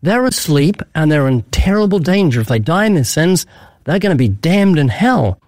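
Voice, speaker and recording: Guy evangelizing hard in an interview, kinda high voice, acts out little stories, dry sound. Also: big pitch swings, normal speed, darkish tone, no echo. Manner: emphatic, vivid storytelling with acted-out quotes. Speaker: guest evangelist. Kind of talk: earnest preaching-style interview answers.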